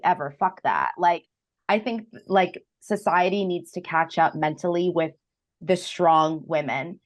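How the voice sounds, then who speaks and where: A young woman musician on a casual panel, speaking emphatically and filling her talk with "like". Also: lowish voice. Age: young adult. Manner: emphatic, heavy use of "like". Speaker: guest musician.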